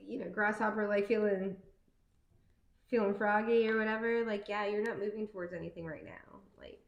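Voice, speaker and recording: A woman giving a casual tarot reading, rambling and chatty, full of fillers and quick to laugh. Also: mid-range voice, steady tone, creaky, reverberant, lo-fi sound, a little hiss or hum. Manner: playful, laughs easily. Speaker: tarot card reader.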